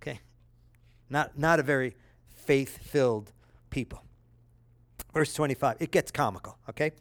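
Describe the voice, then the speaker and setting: A man preaching a sermon, reading scripture aloud with lively, dramatic delivery and casual asides to his listeners. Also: medium pitch, moderate pace, dry recording. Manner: conversational asides, checks in with listeners.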